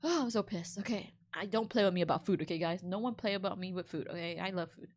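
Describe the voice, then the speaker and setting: A woman streamer reading an online story aloud and reacting to it with animated, indignant, slangy comments. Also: fairly low pitch, fast talker. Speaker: VTuber streamer.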